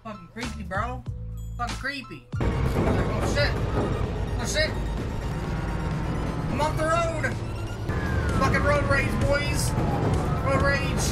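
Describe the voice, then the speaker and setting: Over game music and the noise of vehicles, a high-pitched female streamer trash-talks rowdily and profanely while commenting live on the game she's playing.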